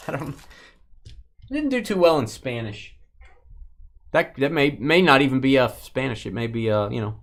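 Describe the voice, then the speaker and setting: Animated, jokey man hosting a card break. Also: mid-range voice. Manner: jokey, reads out viewer names and teams, banters with chat; chatty asides about cards as he opens packs. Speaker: host of a live sports card group break. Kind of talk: casual live-stream commentary.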